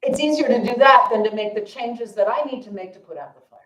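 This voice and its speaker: A woman's voice: fairly high pitch, lively intonation, fast, fairly bright tone, highs cut off. A woman dharma teacher telling a story at a family service, casual and self-deprecating, with fillers. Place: temple hall. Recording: echoey temple hall.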